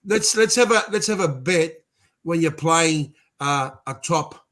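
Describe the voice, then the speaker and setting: Aussie bloke butting in, a bit high voiced, keen to make a bet. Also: male voice, lively intonation, a little slow, a bit bright. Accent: Australian. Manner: eager, interrupting. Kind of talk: casual banter.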